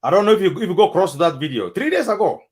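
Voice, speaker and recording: South Sudanese male host, heated debate, rapid, swinging delivery, keeps repeating points for emphasis. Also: high voice, big pitch swings. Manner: impassioned, repeats himself for emphasis.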